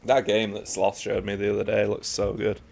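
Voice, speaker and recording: A man's voice: lowish voice, monotone, a little fast, creaky, a little mellow. A tired young British man streaming a game, chatting bluntly with his viewers. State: tired, yawning. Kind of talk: casual live-stream chat over gameplay.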